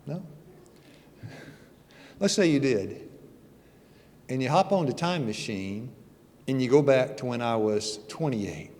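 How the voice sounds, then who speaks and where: Taking his time with long pauses, a sixty-something church elder invited as guest speaker shares his testimony in a folksy, humorous, conversational sermon. He has an expressive, darkish, mid-range voice, and the church hall adds a long reverb.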